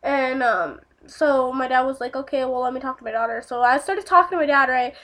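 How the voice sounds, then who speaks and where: A woman's voice: high-pitched, a little fast, a bit bright. A young woman telling a casual storytime vlog, rambling with lots of fillers and swearing.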